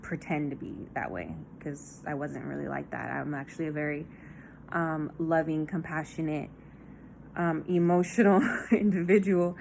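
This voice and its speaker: Young woman, low voice, confessional diary vlog, blunt and sweary, faint room hiss. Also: moderate pace, gravelly, a little mellow. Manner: raw, confessional, heavy swearing, many fillers. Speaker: vlogger. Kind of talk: candid personal diary vlog.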